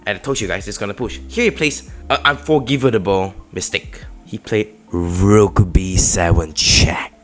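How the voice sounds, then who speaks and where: A young man walking through his own chess game move by move, lurching between quiet muttered analysis and sudden loud excited outbursts. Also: lowish voice, measured pace, hardly any pauses. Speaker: chess streamer. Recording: faint music behind.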